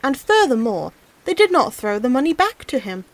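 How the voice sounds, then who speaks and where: A woman reads a fairy tale aloud as an audiobook narrator, in an expressive storybook manner. Her voice sits slightly high and moves in wide, animated swings of pitch. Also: normal speed, no echo. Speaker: audiobook reader.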